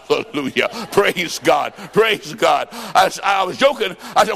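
A man preaching a revival sermon, telling a story with acted-out quotes and rising to shouts. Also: a little high, sing-song, normal speed, big-room sound. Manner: fervent, shouting at peaks, acts out quotes.

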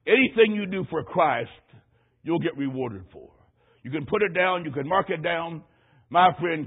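A middle-aged man preaching in a folksy storytelling way, his voice pitched high and husky. He hammers key phrases by repeating them. The sound is thin and tinny, like an old radio broadcast. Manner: folksy storytelling with emphatic repetition. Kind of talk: sermon.

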